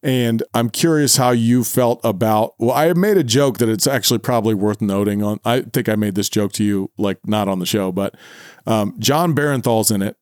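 A man's voice: on the low side, normal speed, a little mellow, dry recording. Chatty man with a dry, close sound. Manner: chatty, laughs often, restarts sentences. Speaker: podcast co-host. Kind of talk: casual chat.

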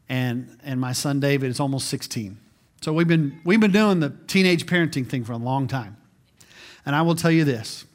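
A man in his forties preaching a sermon in a conversational way as pastor, often repeating words as he restarts. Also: mid-range voice.

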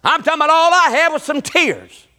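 A middle-aged man, preaching a folksy, animated sermon full of repetition and bursts of song. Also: very high voice, brisk, in a large hall.

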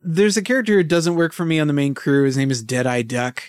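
A man's voice: fairly high pitch, animated, fast, smooth, no room sound, studio quality. Hesitant man in casual chat. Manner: thoughtful, hesitant, many fillers. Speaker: podcast co-host.

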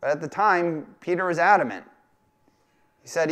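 A man's voice: on the high side, moderate pace, fairly bright tone. A male pastor preaching a sermon in a casual, conversational way, now and then acting out quoted lines with a laugh. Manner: conversational, acts out quoted voices and jokes.

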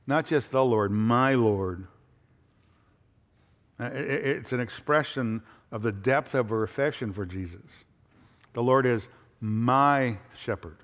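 Man, pastor, mid-pitched voice, conversational sermon with restarts, long hall reverb. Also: moderate pace, fairly bright tone. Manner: conversational, with frequent fillers and restarts. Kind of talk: expository sermon.

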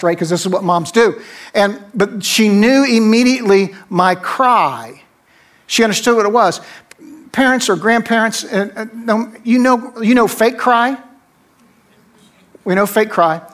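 High-voiced middle-aged man preaching. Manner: conversational storytelling, repeats phrases, checks in with "right?". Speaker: pastor. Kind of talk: sermon.

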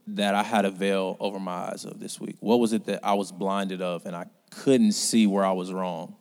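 Male preacher, low voice, conversational sermon with loud urgent peaks, hall reverb. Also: little pitch movement, moderate pace, gravelly, few pauses.

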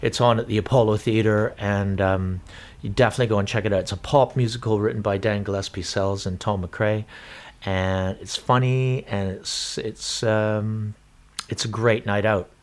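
A man's voice: fairly low pitch, steady tone, moderate pace. A man, a stage actor, chatting as a podcast guest in a rambling way, often correcting himself and laughing. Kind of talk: casual interview chat.

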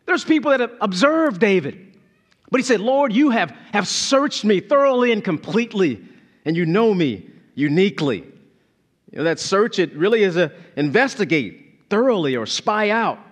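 A man preaching a sermon as pastor, emphatic and animated, repeating key phrases. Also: sits high.

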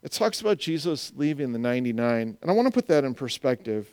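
A man in his forties preaching a sermon, animated and joking with the congregation, acting out little voices. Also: medium pitch, fast. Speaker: pastor.

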